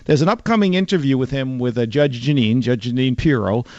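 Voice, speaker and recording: A man from the Bronx hosting a call-in radio show, teasing and joking with a caller in a brisk way. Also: mid-range voice, a little mellow, no room sound, muffled recording. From the Bronx, New York. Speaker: radio talk show host.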